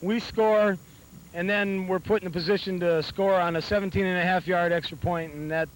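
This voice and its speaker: A man doing postgame sideline interviews at an outdoor football field, talking in halting, rambling bursts. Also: high voice, fairly even intonation, low-quality recording. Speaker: sideline reporter interviewing coaches.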